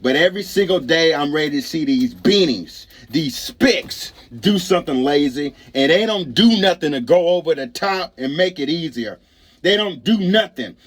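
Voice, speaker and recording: A man in a profane ranting monologue who repeats and stammers angrily. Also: high-pitched. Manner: repetitive, stammering, angry.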